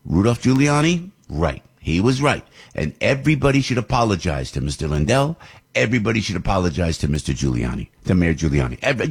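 A man hosting a political talk show, rambling and repeating himself in an animated way. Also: medium pitch, moderate pace, slightly rough. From New Jersey.

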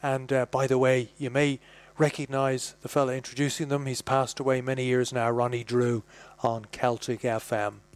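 A man presenting a radio show in a relaxed, chatty way. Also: mid-range voice, normal speed, dry recording. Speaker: radio host.

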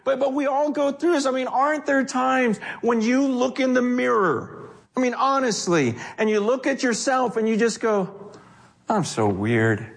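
A man preaching a sermon in a conversational, animated way, often acting out quotes. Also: extremely high pitch, normal speed, creaky. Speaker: pastor.

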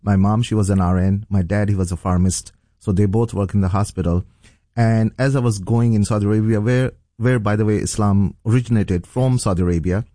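A man's voice: on the low side, fairly even intonation, fairly quick, warm tone, no echo, studio quality. A middle-aged man from Pakistan, a pastor, earnestly telling his testimony in an interview, with many fillers and restarts. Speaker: pastor, guest.

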